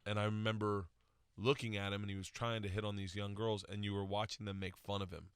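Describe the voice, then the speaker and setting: Fast-talking low-voiced man in his forties. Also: little pitch movement, clear, resonant tone, no room sound, studio quality. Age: 40s. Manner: rambling anecdotal storyteller. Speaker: guest comedian. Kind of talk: casual chat.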